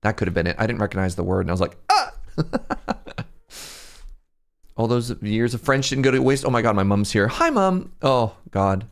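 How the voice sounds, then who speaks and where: A man's voice: lowish voice, lively intonation, moderate pace. A young man streaming a game, chatting casually and rambling, laughing at himself often. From Canada. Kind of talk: casual livestream chat while gaming.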